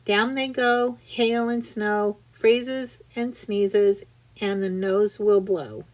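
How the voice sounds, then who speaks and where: A woman's voice: medium pitch, steady tone, takes it slowly, darkish tone, close to an everyday voice, poor audio. Woman reader as chanting cloud creatures, sing-song, storybook. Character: gleeful group of cloud creatures. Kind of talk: storybook reading.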